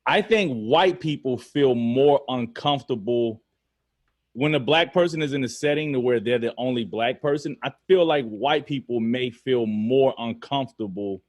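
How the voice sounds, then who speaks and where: Earnest, halting male podcast co-host. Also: mid-range voice, no room sound, clean studio sound. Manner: earnest, halting, searches for words. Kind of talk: casual podcast chat.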